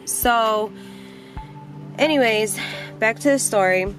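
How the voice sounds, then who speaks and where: A young adult woman vlogger telling a personal story in a casual, animated way, blunt and quick to swear. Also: a little high, faint music behind.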